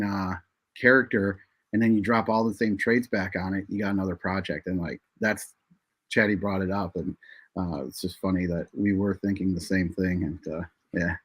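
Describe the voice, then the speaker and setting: A man with a fairly low voice explains things casually as a podcast guest, sprinkling in "like." His sound is dry and close. He talks in an easy, plain way. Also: no room sound.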